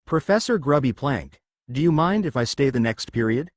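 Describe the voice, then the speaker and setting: A man's voice: mid-range voice, animated, normal speed, dry recording, close to an everyday voice. A man voicing a sarcastic teenage girl witch, daughter of a sea god, with a dry mocking delivery in a storybook reading. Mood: calm.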